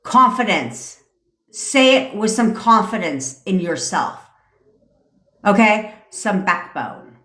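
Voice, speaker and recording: A woman in her thirties giving a profane, commanding rant as a manifestation coach on a live stream. Her voice sits at an ordinary middle pitch, and she speaks bluntly and bossily into a phone. The room around her is echoey. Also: sing-song, slow, fairly bright tone. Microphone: phone mic.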